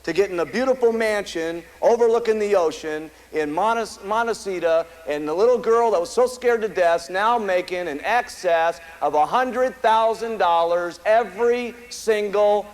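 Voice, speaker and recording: A man's voice: high-pitched, normal speed, hardly any pauses, a little hiss or hum, poor audio. An American man giving an emphatic, repetitive motivational speech to a live audience at a company meeting, telling stories. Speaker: company founder speaking at a meeting.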